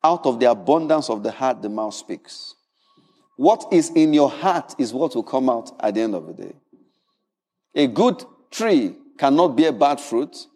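A man preaching a sermon in an animated, humorous way, often repeating words. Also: medium pitch, a little slow, big-room sound. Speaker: pastor.

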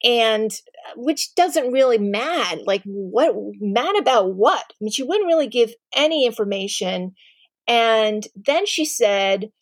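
A middle-aged woman telling a personal family story to an audience, candid and animated, with many ums and restarts. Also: a little high, no echo, studio quality.

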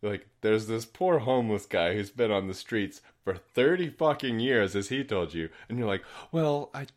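A man bantering in a casual podcast chat, wry and teasing with quick jokes. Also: lowish voice, animated.

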